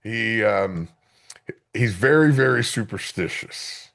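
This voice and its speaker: A man hosting a podcast, telling animated stories with casual swearing and stammered restarts. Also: lowish voice, takes it slowly, gravelly. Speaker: podcast host. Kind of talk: casual interview chat. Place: podcast studio.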